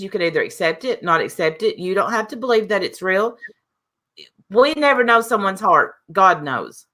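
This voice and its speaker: A woman's voice: fairly low pitch, pushed and bright. A woman hosting a live call-in stream, talking casually and bluntly, rambling with restarts and fillers. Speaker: live show host.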